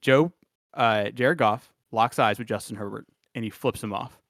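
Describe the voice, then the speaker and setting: Casual male podcast co-host, spins animated yarns, dry close sound. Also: mid-range voice, normal speed, no echo. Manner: animated storytelling, laughs often. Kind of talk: casual sports chat.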